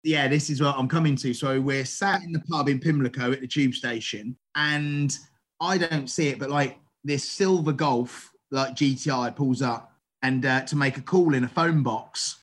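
A middle-aged man, a chef, telling stories in a casual interview, animated and full of restarts. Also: medium pitch, moderate pace. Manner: animated, acts out quoted dialogue, frequent restarts. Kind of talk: casual storytelling.

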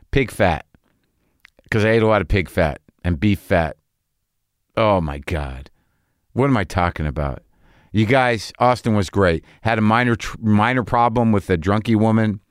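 A man's voice: on the low side, expressive, normal speed, dry recording, studio quality. A middle-aged man hosting a podcast, talking in a rambling, self-deprecating way with frequent restarts and swearing. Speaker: podcast host. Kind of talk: casual monologue.

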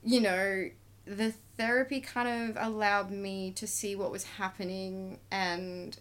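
A woman's voice: medium pitch, flat delivery, slow, a bit bright. A woman, a tattoo artist talking openly and emotionally about her life as a podcast guest. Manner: open and emotional, acts out quoted exchanges. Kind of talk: candid conversational storytelling.

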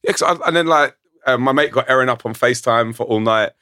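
A man in his thirties, a musician telling a story in casual chat, excitable and swearing often. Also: mid-range voice, fast, clear, resonant tone, no room sound, studio quality. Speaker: guest musician.

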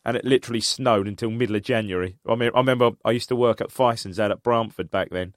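A man from England co-hosting a casual football podcast, reminiscing about old matches and getting animated as he recalls them. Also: fairly low pitch, quick pace, no echo, studio quality. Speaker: podcast co-host.

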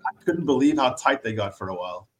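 A man's voice: mid-range voice, expressive, fast talker. A man hosting a casual podcast interview, asking long, rambling questions with fillers. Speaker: podcast host.

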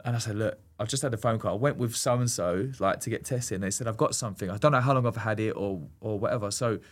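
A man's voice: on the low side, quick pace. A man, a former goalkeeper telling a long story as a podcast guest, full of fillers and restarts. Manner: rambling, animated storyteller with many fillers and restarts. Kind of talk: casual storytelling chat.

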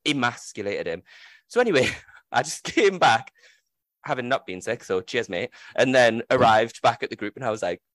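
A man in his thirties tells a story on his podcast, candid and self-mocking, breaking into laughs. His pitch swings widely, and the recording is dry and close. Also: big pitch swings, moderate pace, fairly bright tone, no room sound. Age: 30s. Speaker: podcast host. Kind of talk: casual storytelling chat.

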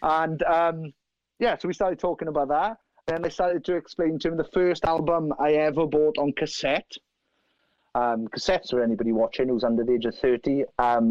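A man from South Wales with a Welsh accent, telling animated, profane anecdotes and acting out other people's lines. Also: a little high, dry recording. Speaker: guest musician. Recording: dry, slightly dull lo-fi sound.

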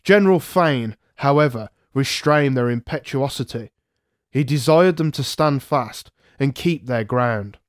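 A man narrating a historical memoir aloud, in a measured first-person storytelling manner. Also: medium pitch, no room sound, clean studio sound. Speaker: podcast narrator.

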